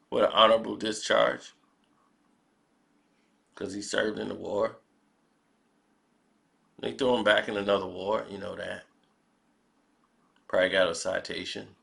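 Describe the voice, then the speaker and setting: A male commentator with a lowish, gravelly voice talks slowly and deliberately. His tone is bright and forceful, and he lets rhetorical questions hang for effect. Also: fairly even intonation. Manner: measured, reflective, asks rhetorical questions. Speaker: commentary vlogger. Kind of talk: spoken commentary.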